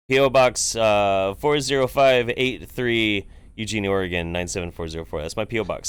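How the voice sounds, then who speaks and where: A man's voice: fairly low pitch, normal speed, hardly any pauses, clear, resonant tone, no room sound. A man hosting a casual livestream, reacting to a video with sarcastic, rambling, profane commentary. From United States. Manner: sarcastic, swears, rambling with restarts. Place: home, Eugene area.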